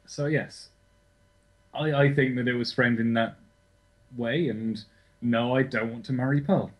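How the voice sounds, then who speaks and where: A man's voice: mid-range voice, fairly even intonation, unhurried, low-quality recording. Young man casually chatting on a podcast. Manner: casual, sweary, self-correcting. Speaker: podcast co-host. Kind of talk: casual chat.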